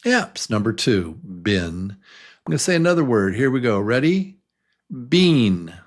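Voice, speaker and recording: A man teaching a beginner English pronunciation lesson, leading slow, patient drills and encouraging his learners. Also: medium pitch, very animated.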